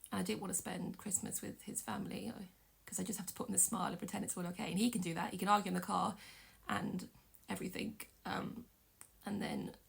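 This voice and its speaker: A young woman tells a painful story from her own life, her voice heavy with gravel and fry. She speaks in an emotional, halting way, stopping often and starting over. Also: medium pitch. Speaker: vlogger. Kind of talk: personal storytelling vlog.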